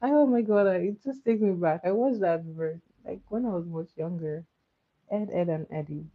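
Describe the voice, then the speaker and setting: A young woman hosting a casual cartoon trivia quiz, who laughs often and repeats her questions slowly. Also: lowish voice, phone-quality sound. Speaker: quiz host.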